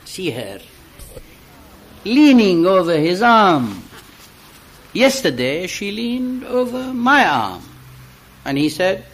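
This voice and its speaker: Man, poetry reader; expressive delivery, lively pitch, unhurried pace. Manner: slow, rising to loud high emphatic peaks.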